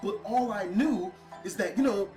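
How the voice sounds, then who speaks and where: A man recounts his own story in a steady, matter-of-fact way, his higher voice ringing with room echo. Faint music plays softly underneath the narration. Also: moderate pace. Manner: calm, quoting shouting officers. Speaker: storyteller in a played video. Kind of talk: first-person story narration.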